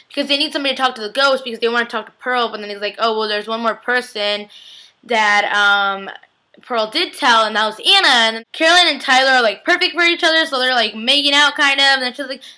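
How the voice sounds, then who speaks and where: A woman's voice: on the high side, a little fast, pushed and bright, rough recording. A young woman giving a casual, chatty TV episode recap, gushing and peppering her talk with "like". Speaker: TV recap vlogger.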